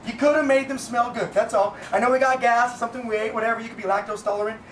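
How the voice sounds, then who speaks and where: A man's voice: very high-pitched, fairly even intonation, quick pace, distant mic, slight background noise. A man venting bluntly and profanely in a casual rambling monologue, recorded in an echoey room away from the mic. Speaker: vlogger, business owner. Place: Boise, Idaho.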